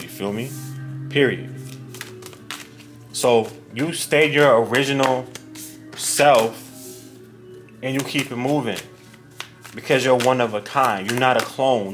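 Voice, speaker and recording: A man giving a casual tarot card reading to his viewers, talking straight to them in a slangy, animated way. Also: mid-range voice. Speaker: tarot reader.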